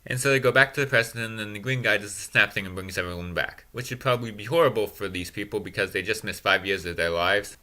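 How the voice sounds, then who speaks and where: A man giving a sarcastic, self-mocking comedy recap of a movie in a deadpan, snarky way. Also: on the low side, quick pace, hardly any pauses. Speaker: movie reviewer.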